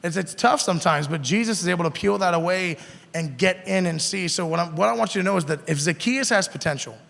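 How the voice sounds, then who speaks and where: A man's voice: sits high, brisk, gravelly, fairly bright tone. A man preaching a casual sermon to a youth group, talking conversationally and asking the kids questions. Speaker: youth pastor. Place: youth room. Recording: long hall reverb.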